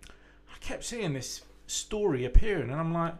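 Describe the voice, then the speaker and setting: A man's voice: on the high side, lively intonation, a little slow. A man with a sweary, rambling storytelling manner, chatting casually on a podcast.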